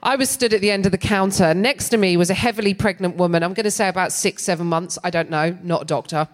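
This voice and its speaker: A middle-aged English woman, a comedian and co-host, telling a story in stand-up with a wry, animated delivery that often breaks into laughter. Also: fairly low pitch, fast.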